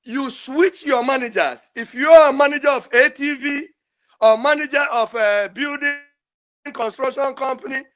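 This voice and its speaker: Older male caller, strikingly high-pitched, pleads emotionally and repeats himself. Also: normal speed, a bit bright. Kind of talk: impassioned call-in speech.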